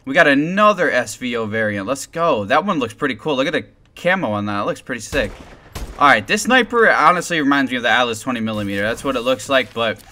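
A young man giving excited, rambling gameplay commentary as a gaming video host. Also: medium pitch, fast. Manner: hyped, rambling, shouts and laughs at rare drops. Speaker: gaming YouTuber.

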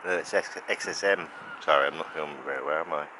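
Feeding pigeons in the rain, a man with an extremely low-pitched voice talks fast while narrating a casual outdoor vlog. He chats fondly, laughs a lot, and calls the birds over. The handheld camera picks up street noise.

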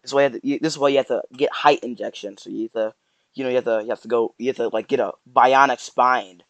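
A man's voice: mid-range voice, fairly even intonation, quick pace, a bit bright, dry recording. Rambling young man with slangy reaction chatter. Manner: rambling, slangy, mock-sorrowful. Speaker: YouTuber reacting to posts. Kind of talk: casual reaction commentary.

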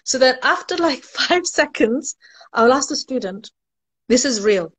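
A woman's voice: high voice, expressive, unhurried, slightly rough. A woman education recruiter chatting casually on a live stream, laughing at her own jokes and answering viewers' questions.

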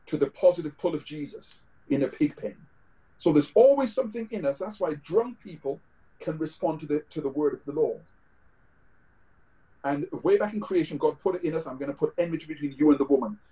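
A man's voice: fairly high pitch, expressive, normal speed, pauses often, dark tone, poor audio. A man with a British accent preaching a sermon over a video call, conversational, with scripture quotes and fillers. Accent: British English.

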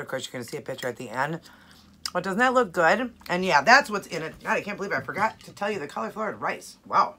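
A woman with a bright, sharp tone and a husky edge talks to camera in a chatty, upbeat cooking vlog. She sits a touch low in pitch and tastes the food between remarks. Now and then she drifts away from the camera mic. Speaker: keto cooking vlogger. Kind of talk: casual cooking chat to camera.

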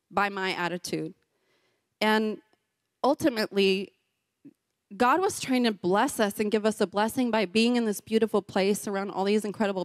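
A woman's voice: medium pitch, no echo, clean studio sound. A middle-aged woman giving a sermon as a pastor's wife, telling a personal story with laughs and acted-out voices. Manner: animated, laughs often, acts out voices in her story.

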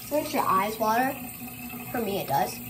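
A woman's voice: on the high side, lively intonation, moderate pace. A young woman chatting casually in a get-ready-with-me vlog, rambling with lots of fillers and giggles. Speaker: vlogger. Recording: echoey room with ambient noise.

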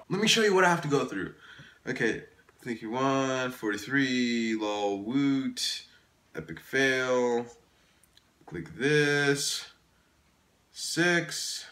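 Exasperated gamer guy, bright voice. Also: mid-range voice, lively intonation, slow, long pauses, reverberant. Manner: exasperated, swears often, laughs at himself. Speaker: gaming YouTuber. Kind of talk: casual gameplay commentary.

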